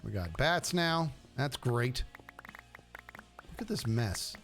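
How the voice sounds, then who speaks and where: Middle-aged man, rambling live-stream gamer chat at a mid pitch, music playing behind him. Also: sing-song, slow pace, fairly bright tone. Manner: rambling and chatty, self-interrupting and repeating words. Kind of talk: casual live-stream chat while gaming. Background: background music.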